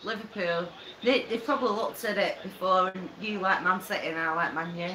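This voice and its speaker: A tipsy woman with an Oldham accent, giggling through lively banter as a co-host. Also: on the low side, fairly quick. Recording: roomy echo with clear background noise.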